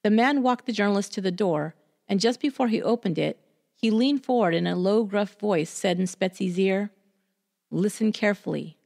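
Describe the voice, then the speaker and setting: Gravelly woman narrating true crime. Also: mid-range voice, a little mellow. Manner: measured, deliberate storytelling. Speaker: true crime podcast host.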